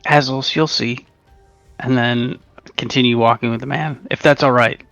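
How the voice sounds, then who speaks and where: A man's voice: medium pitch, fairly even intonation, moderate pace, fairly bright tone, no room sound, dull audio. A man in a mid-range voice playing a tabletop game, talking in character, laid-back and matter-of-fact. The recording is very dry, with faint music behind. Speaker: player.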